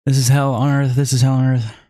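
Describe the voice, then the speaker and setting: A man's voice: medium pitch, flat delivery, quick pace, warm tone. A man live-streaming in casual talk, exhausted and struggling to speak, exasperated, with heavy sighs and swearing.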